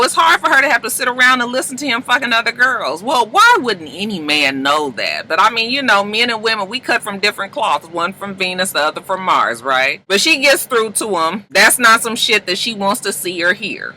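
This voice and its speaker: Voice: mid-range voice, sharp tone, a little hiss or hum, low-quality recording. A reviewer from the US West Coast casually recapping a TV episode and acting out the characters' lines with changing voices.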